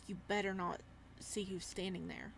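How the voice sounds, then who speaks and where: A woman's voice: medium pitch, flat delivery, moderate pace, creaky, slight background noise. A woman hosting a gaming channel, reading a horror visual novel aloud with dramatic delivery and startled, swearing reactions.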